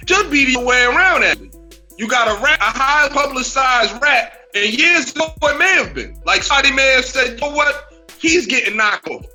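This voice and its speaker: Bright high-voiced man debating emphatically. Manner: emphatic, repetitive restarts. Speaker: podcast co-host. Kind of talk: casual debate on a podcast.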